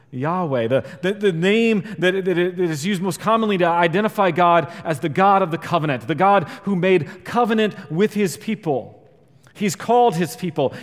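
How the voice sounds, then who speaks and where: A man preaching a sermon in a church sanctuary, his slightly high voice ringing through a long hall reverb. He talks earnestly, builds louder on key points and sinks quiet when he quotes scripture. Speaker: pastor.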